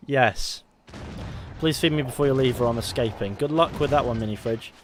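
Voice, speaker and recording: A young man chatting casually through a live game stream into a headset, rambling, restarting his sentences and getting excited. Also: medium pitch, normal speed, faint music behind.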